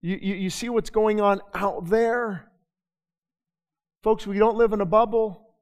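A man's voice: high-pitched, steady tone, unhurried. A male pastor preaching a sermon to his congregation, talking in a conversational way that swells into impassioned, urgent pleading. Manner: impassioned, swings from quiet to loud; repeats words and restarts, conversational. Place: church sanctuary before a congregation. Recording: long reverb of a large hall.

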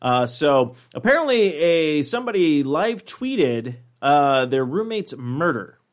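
A man's voice: on the high side, very animated, takes it slowly. A man hosting a podcast in a casual chat, rambling and laid-back, swearing often. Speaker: podcast host.

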